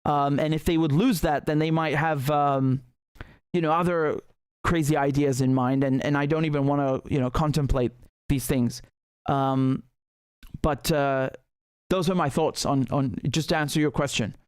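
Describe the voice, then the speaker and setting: A man's voice: on the high side, steady tone, moderate pace, smooth, no room sound, clean studio sound. Heated, emphatic male livestream host. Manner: heated, emphatic, with frequent restarts. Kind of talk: livestream political commentary.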